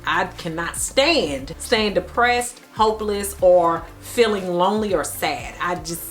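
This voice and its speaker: A young woman with a St. Louis Midwest accent, chatting casually to camera as a vlogger, animated and laughing often. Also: on the low side, slow pace, soft background music. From Midwest United States.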